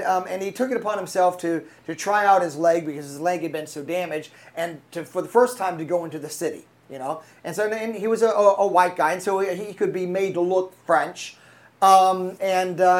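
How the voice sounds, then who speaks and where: A preacher with a mid-range voice delivers a sermon built around a story, full of fillers and restarts. He keeps calling out to the congregation for responses.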